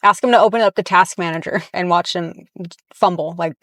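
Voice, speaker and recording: A woman's voice: on the low side, brisk, no echo, studio quality. Blunt, heated woman fitness commentator. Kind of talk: reaction commentary. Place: inside a parked car.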